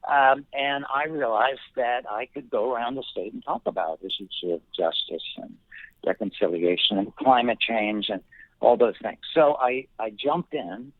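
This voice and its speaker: Halting man on a tinny phone line. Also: medium pitch, no echo. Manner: thoughtful, halting, many fillers and restarts. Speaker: guest. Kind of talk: reflective personal storytelling.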